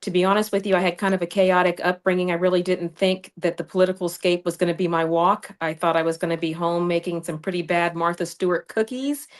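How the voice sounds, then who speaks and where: A woman's voice: lowish voice, steady tone, quick pace, few pauses. A woman running for Congress, a guest on a livestream, telling her story in a fiery, combative way. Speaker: congressional candidate. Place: home studio over streaming video call. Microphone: remote streaming mic.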